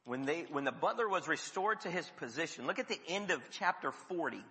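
A male preacher with a fairly high, very bright, cutting voice that carries through a reverberant hall. He preaches in a storytelling way and drops to hushed tones for emphasis. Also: expressive, a little fast. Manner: storytelling with sudden drops to a near whisper. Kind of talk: sermon.

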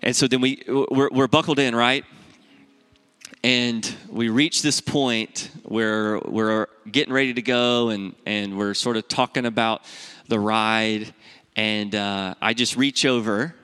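A pastor telling a family story in a sermon, animated and conversational, his voice jumping up when he quotes himself. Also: slow, clean tone. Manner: animated storytelling, rising in pitch when acting out dialogue.

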